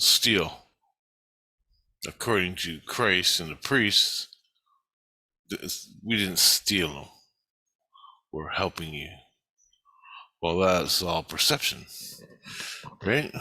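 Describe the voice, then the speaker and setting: A man's voice: deep voice, lively intonation, takes it slowly, pauses often, pushed and bright, dry recording. A middle-aged man rambling through a blunt, profane personal monologue about his spiritual life. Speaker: spiritual vlogger.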